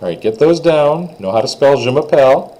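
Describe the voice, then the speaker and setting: A Minnesota man with a warm, expressive, slightly high voice talks a little fast while teaching a beginner French lesson that was recorded in class. He patiently and plainly explains phrases, modeling pronunciations in a raised voice, though the audio is poor.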